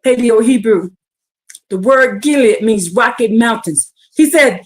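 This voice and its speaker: High-voiced woman preaching with fiery bluntness. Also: unhurried. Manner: blunt, fiery, profane asides between scripture; pleading rhetorical questions. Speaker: scripture teacher. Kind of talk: livestreamed Bible reading with commentary.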